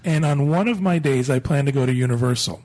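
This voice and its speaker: A man's voice: mid-range voice, quick pace, a little mellow, slight background noise. A man co-hosting a podcast, reading listener email aloud in a casual, joking way. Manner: joking, laughs often. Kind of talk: casual chat.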